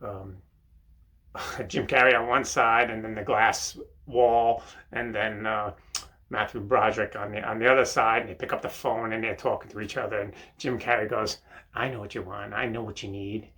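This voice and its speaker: Sitting on the toilet in a bathroom, an older comedy host delivers a rambling monologue stuffed with fillers and "right?". His voice is lowish, bright and forceful, steady and moderately paced.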